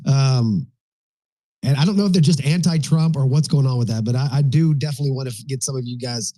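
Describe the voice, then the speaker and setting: A man hosting a casual live panel talk, loose and joking, with halting restarts. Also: mid-range voice, warm tone, dry recording. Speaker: host.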